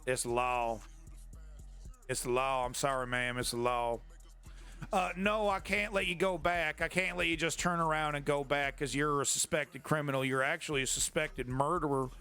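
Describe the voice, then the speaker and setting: A man's voice: a little high, moderate pace, pushed and bright, smooth, soft background music. A man voicing a creepy male small-town cop who keeps apologizing in a drawling, mock-polite way. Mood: mock-apologetic.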